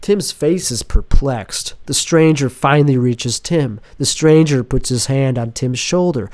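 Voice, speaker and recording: A man's voice: mid-range voice, a little slow, a little mellow, no room sound. A sniffly, sick man hosts a podcast monologue from his home apartment, reading a script aloud. He rambles and interrupts himself with a dry, sardonic edge. The recording is dry and close. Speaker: podcast host.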